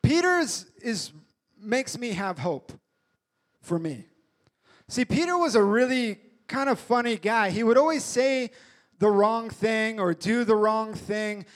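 A man preaching a casual, jokey sermon, retelling a story in a lively way with acted-out voices. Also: high voice, takes it slowly.

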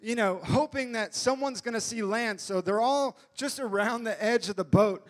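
A man preaching a casual, jokey sermon, retelling a story in a lively way with acted-out voices. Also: high voice, normal speed.

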